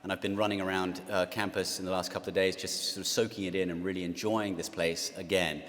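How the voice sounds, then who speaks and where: English man, 40s, lowish voice, guest speaker, halting and wry, big hall reverb. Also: level tone, fairly bright tone. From England. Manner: self-deprecating, halting with many fillers. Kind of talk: speech to an audience.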